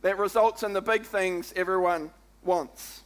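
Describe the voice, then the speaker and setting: Unhurried and high-voiced, a New Zealand man preaches as pastor, keeping things chatty and energetic while he keeps throwing "come on" and "eh?" out to his congregation.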